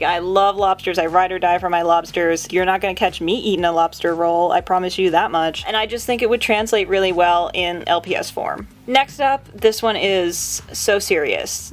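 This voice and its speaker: A young woman from Atlantic Canada chatting casually to camera at home about her toy collection, bubbly and full of slang. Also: fairly low pitch.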